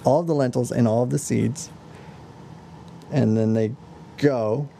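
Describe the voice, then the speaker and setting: This is a male podcast co-host with a heavily gravelly, fry-filled voice and a dark, mellow tone. He retells a fairy tale casually, in slangy and rambling speech full of restarts. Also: medium pitch, steady tone, measured pace, a little hiss or hum. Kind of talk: casual storytelling chat.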